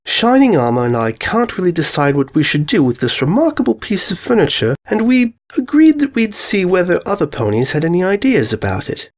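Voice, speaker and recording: A woman voicing a kind, gentle adult pony princess who speaks softly and warmly. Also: on the low side, very animated, brisk, few pauses, pitched above the performer's own voice. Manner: warm, conspiratorial.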